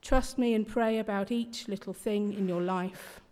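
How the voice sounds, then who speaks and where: A woman voicing Jesus as a calm man who speaks in a slow, steady, reassuring way. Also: mid-range voice, close to an everyday voice. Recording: long hall reverb.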